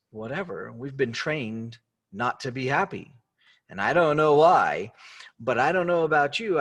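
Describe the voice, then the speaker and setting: A man's voice: medium pitch, a bit bright. Upbeat man asking the listener questions. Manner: upbeat, asks many questions, conversational. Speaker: host. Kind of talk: motivational talk to the listener.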